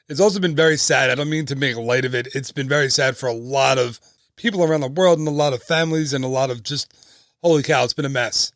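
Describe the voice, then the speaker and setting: An American man in his thirties, a travel agent, hosts a casual travel podcast in a fast, high-ish, slightly bright voice. He's upbeat and chatty with joking asides, recorded in clean, dry studio sound.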